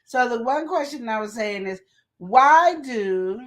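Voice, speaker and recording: A woman's voice: fairly high pitch, animated, measured pace, a bit bright. A woman co-hosting a live relationship advice stream, talking in a casual, emphatic way with slang and repeated questions. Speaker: co-host of a live advice show.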